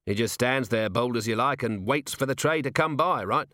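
A man voicing a sharp, driven veteran police commander in an audiobook, talking briskly and firing probing, rhetorical questions. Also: medium pitch, no room sound, studio quality, lightly acted. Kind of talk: audiobook character voice.

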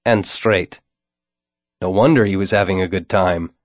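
A man narrating a novel in the first person with a wry, deadpan delivery. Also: deep voice, fast, no echo. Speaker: audiobook narrator.

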